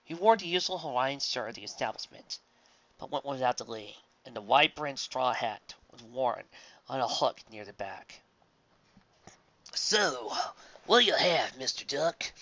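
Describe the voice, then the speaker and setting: A man reads a story aloud in a plain, even way. His voice is bright and forceful. The recording is dull and lo-fi. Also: mid-range voice, moderate pace. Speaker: reader. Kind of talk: reading fan fiction aloud.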